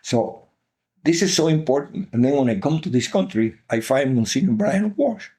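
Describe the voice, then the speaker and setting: An older man with a Cuban Spanish accent speaks in a mellow, darker tone. He tells his life story earnestly as an interview guest, pressing his points by repeating them. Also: mid-range voice, lively intonation, moderate pace. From Cuba. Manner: earnest, emphatic, repeats key phrases.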